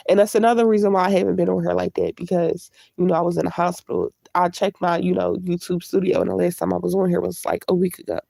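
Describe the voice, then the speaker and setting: A woman's voice: on the low side, fast talker, hardly any pauses, warm tone, no echo. A woman vlogger chatting candidly on a livestream, congested from a cold. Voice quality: gravelly. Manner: candid, chatty, greets live viewers. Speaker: YouTube vlogger. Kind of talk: casual live-stream chat.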